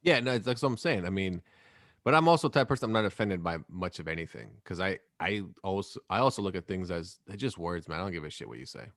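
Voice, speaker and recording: A man's voice: low-pitched, lively intonation, fast, fairly bright tone, no room sound, studio quality. A man in his thirties co-hosting a podcast in casual chat, rambling and swearing freely. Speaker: podcast co-host.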